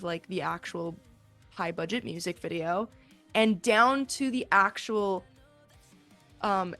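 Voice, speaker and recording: A woman's voice: mid-range voice, fairly bright tone. A young woman, a singer, talking as an interview guest in a candid, thoughtful way with some hesitations. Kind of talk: casual video interview.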